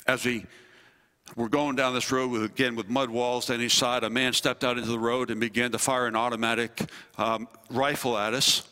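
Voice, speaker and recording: A man, a pastor and former army chaplain, preaching a sermon with earnest delivery, slowing and dropping low on key phrases. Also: sharp tone. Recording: long hall reverb.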